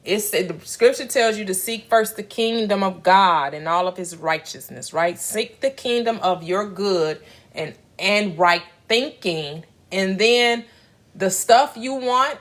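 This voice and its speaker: A woman giving a preachy spiritual talk, repeating phrases and asking questions back to listeners. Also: medium pitch. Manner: preachy, repetitive, call-and-response. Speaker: spiritual teacher. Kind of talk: motivational spiritual teaching.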